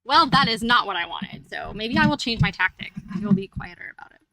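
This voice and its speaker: A grumpy male house cat grumbles in a huffy, put-upon tone, as a woman puts him on. The voice is pitched a little high and sounds bright. It is dry and close, with no room sound. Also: animated, fairly quick, no echo. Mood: scheming.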